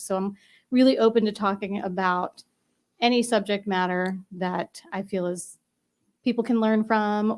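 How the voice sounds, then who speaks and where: Upbeat, chatty woman podcast guest. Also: mid-range voice. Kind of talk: casual interview chat.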